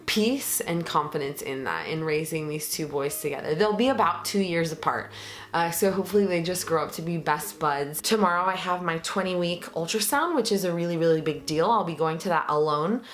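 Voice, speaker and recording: Earnest young woman vlogging, lowish voice. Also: a little fast. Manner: earnest, emotional, many fillers. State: pregnant. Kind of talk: casual vlog talk to camera.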